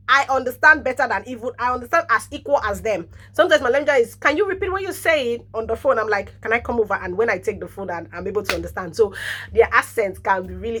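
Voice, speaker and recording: A Nigerian woman in her thirties, a nurse, telling animated stories in a casual vlog, laughing often and dropping in pidgin interjections. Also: a little high, breathy edge. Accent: Nigerian English.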